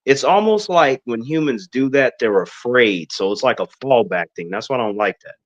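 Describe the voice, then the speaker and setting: A man's voice: mid-range voice, lively intonation, normal speed. A man in the middle of his range talks bluntly and swears freely as he hosts a casual podcast chat. His audio sounds dull and lo-fi, with the top end muffled. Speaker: podcast host.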